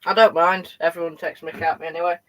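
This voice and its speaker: A man's voice: fairly high pitch, little pitch movement, fast, fairly bright tone, low-quality recording. A teenage male host with a Yorkshire accent, chatting casually on a live stream and answering viewers' messages while running model trains. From Yorkshire, England. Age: teens. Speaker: livestream host.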